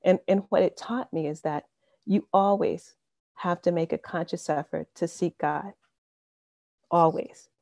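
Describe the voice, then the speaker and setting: An earnest woman in her fifties shares a personal faith testimony over a video call, her voice low, warm and gravelly. She talks conversationally with a lot of "you know", and the sound is close and dry. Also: steady tone, unhurried, no room sound. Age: 50s. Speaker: speaker sharing a testimony.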